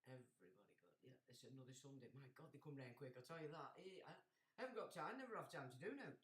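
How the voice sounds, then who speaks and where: Chatty livestream host in an echoey room. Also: male voice, medium pitch, animated, quick pace, fairly bright tone. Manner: chatty, fiddling with sound settings while talking to viewers. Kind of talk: casual livestream chat. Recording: echoey room with faint music.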